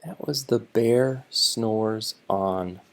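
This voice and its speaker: A man reading a picture book aloud to children slowly and deliberately, stopping to explain the feelings and words on each page. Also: on the low side.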